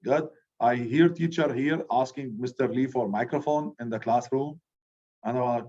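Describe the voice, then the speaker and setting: A middle-aged male teacher lectures his class loudly and with plenty of energy. He keeps pausing to check in with the students. The recording is dull and lo-fi, and his voice sits at a middle pitch. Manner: loud, animated, repeats "good" as a check-in.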